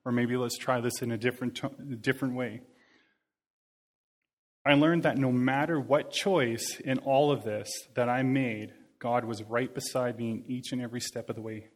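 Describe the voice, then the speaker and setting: A man in his thirties preaches a sermon in an earnest, conversational tone. His voice sits at an ordinary middle pitch, and he likes to say a phrase several times over to drive his point home. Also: fairly even intonation, normal speed.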